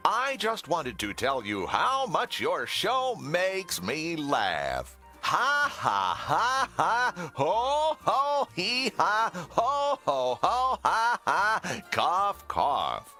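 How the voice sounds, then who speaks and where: Pompous superhero host, wildly swooping pitch, bright ringing tone, slow and grand. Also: male voice, exaggerated voice. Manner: pompous, self-important, theatrical. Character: pompous, vain superhero talk-show host. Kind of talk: TV cartoon voice acting.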